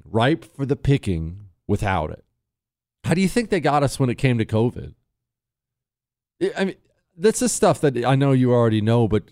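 A man's voice: mid-range voice, darkish tone. A man hosting a talk radio show, delivering an emphatic monologue with sarcastic, mocking asides.

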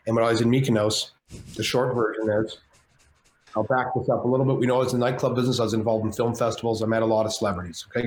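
A man's voice: medium pitch, a little hiss or hum. Roomy-sounding man telling wild stories. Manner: animated, swears freely, acts out quoted voices. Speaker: podcast guest. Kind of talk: casual storytelling. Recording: roomy echo with faint ambience.

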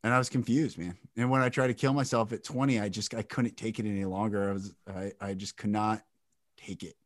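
A man's voice: lowish voice, fairly even intonation, fairly quick, dry recording, clean studio sound. Intense man telling a raw story. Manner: intense, emotional storytelling, swears freely. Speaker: podcast guest. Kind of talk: candid interview talk.

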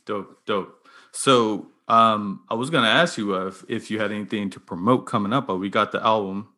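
Bright-toned casual male interviewer. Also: fairly low pitch. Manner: casual, slangy, quick questions.

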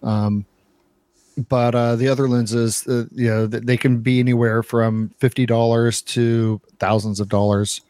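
A man's voice: medium pitch, little pitch movement, a little slow, darkish tone, no room sound, studio quality. A man co-hosting a podcast in casual chat, talking at length with many repeats and filler words. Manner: repeats words, lots of uh and you know. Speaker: podcast co-host.

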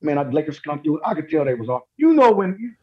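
A male podcast guest with a husky voice, telling a story in relaxed slang. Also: a little high, quick pace, highs cut off. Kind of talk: casual storytelling chat.

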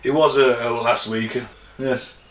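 A man's voice: mid-range voice, steady tone, measured pace, a bit bright. A man co-hosting a casual podcast, cracking jokes and teasing the others. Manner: jokey, teasing banter. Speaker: podcast co-host. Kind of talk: casual chat. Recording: roomy recording.

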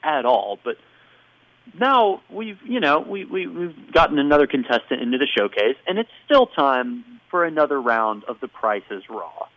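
A man co-hosting a casual podcast, recapping a wrestling show with animated storytelling and playful impressions. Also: on the high side, normal speed, no room sound, muffled recording. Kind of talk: casual chat.

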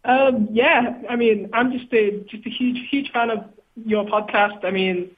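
A man's voice: high voice, steady tone, a little slow. British man on a tinny phone line. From Britain. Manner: teasing, hesitant, repeats words. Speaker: caller. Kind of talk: casual phone-in chat.

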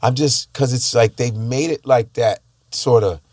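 A man's voice: medium pitch, a little slow, a little mellow, no echo, studio quality. A man chatting casually, rambling and laughing easily, often restarting his sentences. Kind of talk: casual chat.

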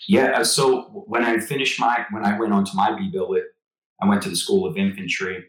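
A man in his forties with a deep, low voice, talking as an interview guest. He is a lively storyteller who keeps slipping into quoted dialogue. A roomy echo hangs on his voice. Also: fairly quick. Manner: animated storyteller, acts out quotes. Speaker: guest, former Marine officer.

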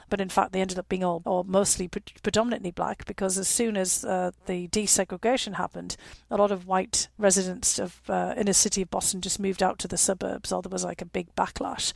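A woman in her fifties with a Northeast English accent speaks in a gravelly voice, recorded dry and close. She answers an interviewer thoughtfully, filling her pauses with "you know" and laughing wryly now and then. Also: medium pitch, no echo. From northeast England. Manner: reflective, frequent "you know" fillers, wry laughs. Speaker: guest.

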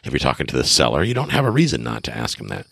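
A middle-aged man with a very deep, husky voice talks through casual advice as a podcast host. He is enthusiastic and emphatic, and his pitch swings widely as he acts out little conversations. The sound is dry and close. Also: huge pitch swings, racing, a bit bright, dry recording. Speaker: real estate investor and podcast host.

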